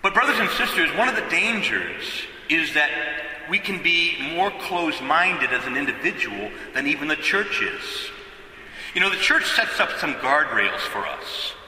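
A priest preaching a sermon in a bright, ringing voice pitched a little high, speaking casually and often restarting his sentences. He sounds distant from the microphone, with the long echo of a church hall around him. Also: big pitch swings, moderate pace. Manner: conversational preaching with repeated restarts.

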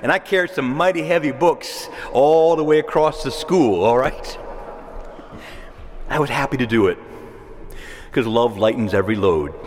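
A man's voice: medium pitch, moderate pace, pauses often, big-room sound. A man preaching a sermon, emphatic, repeating key words and asking the congregation for agreement.

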